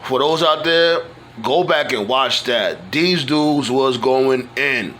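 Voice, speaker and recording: A man's voice: mid-range voice, animated, takes it slowly, a bit bright, a little hiss or hum. A man talking casually in a loose, rambling monologue, full of fillers and restarts. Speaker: wrestling fan vlogger.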